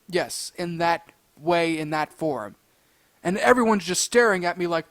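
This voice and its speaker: A man telling a casual storytime tale, animated and excitable, breaking into loud high outbursts. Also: measured pace.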